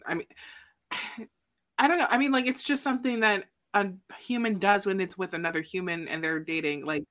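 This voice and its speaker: A woman's voice: mid-range voice, normal speed, fairly bright tone. A woman co-hosting a casual chat, rambling through her opinions with plenty of fillers and casual swearing.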